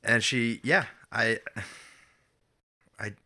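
A man co-hosting a podcast with dry, deadpan one-liners. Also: mid-range voice, extremely slow. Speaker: podcast co-host. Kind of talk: casual chat.

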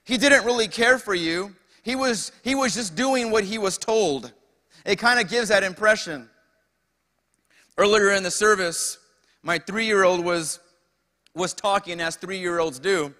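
A young male pastor preaching in a church with a long hall echo around him. His voice sits high and ringing, and he takes his time, pausing often and checking in with the congregation. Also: pushed and bright. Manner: preaching with call-outs to the congregation. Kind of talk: sermon.

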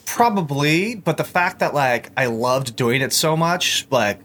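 A man's voice: on the high side, animated, measured pace, fairly bright tone. A young man, a podcast guest, talking in a loose, rambling way with lots of fillers and restarts. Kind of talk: casual chat.

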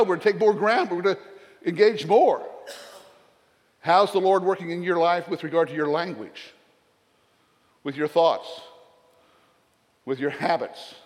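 Older Southern man, retired pastor, folksy sermon with joking asides, fairly high voice, church reverb. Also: animated, moderate pace, long pauses.

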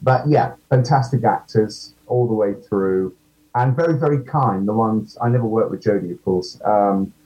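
A man's voice: on the low side, moderate pace, dark tone, muffled recording. A man, an actor guest, chatting casually in an interview, self-deprecating and full of ums.

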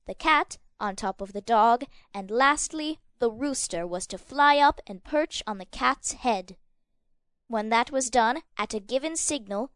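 A woman narrating a fairy tale for an audio drama in a measured, expressive reading. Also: sits high, smooth, dry recording, studio quality. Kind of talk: scripted storybook narration.

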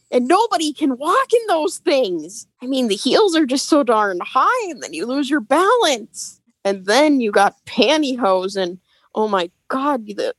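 Exasperated woman ranting, high-pitched, dry. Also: no echo. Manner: exasperated complaining. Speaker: game participant. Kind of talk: comic rant over video call.

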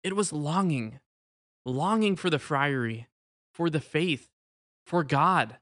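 A man voicing a young male novice who ran away, speaking in a halting, contrite way. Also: a little high, animated, a bit bright, no echo, clean studio sound. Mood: pleading. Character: young male runaway novice, ashamed and remorseful.

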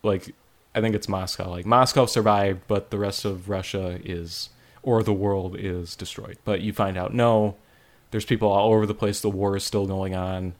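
A man chatting casually about a video game, rambling with lots of "like" and animated retelling. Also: low-pitched, moderate pace. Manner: rambling, frequent "like", animated storytelling. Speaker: podcast co-host reviewing a game. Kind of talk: casual chat.

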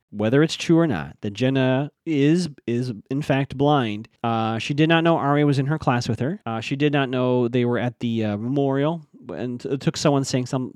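A man casually recapping a TV episode as a podcast host, acting out the characters' lines in quick voices. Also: mid-range voice, darkish tone, no room sound, clean studio sound.

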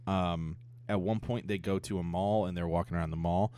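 Young adult male co-host, low-pitched voice, relaxed chatty delivery, easygoing review tone. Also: fairly quick, clean tone. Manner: laid-back, frequent "um" and "yeah", laughs at jokes. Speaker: podcast co-host reviewing a cartoon. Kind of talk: casual chat.

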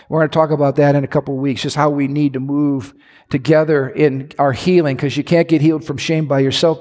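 A man's voice: on the high side, darkish tone. A male pastor preaching a sermon in a church, conversational with asides and restarts. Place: church sanctuary. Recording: long hall reverb.

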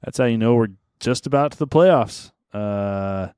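A man's voice: medium pitch, unhurried, smooth, no room sound, clean studio sound. A man hosting a fantasy football podcast, talking casually with many fillers and easy laughs. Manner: relaxed, laughing, filler-heavy. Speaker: podcast host. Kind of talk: casual chat.

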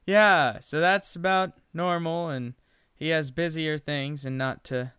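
A man's voice: fairly high pitch, steady tone, a little slow, sharp tone, clear, resonant tone, no echo, clean studio sound. A man imitating an awkward, nerdy male teacher from a film who keeps trailing off mid-sentence. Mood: sulking.

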